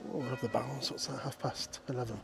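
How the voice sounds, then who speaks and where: This vlogger's mid-range voice is creaky and steady in tone, delivered at a quick pace with music in the background. Walking countryside fields and paths, he chats casually and jokes with viewers and the passing sheep, with faint wind outdoors.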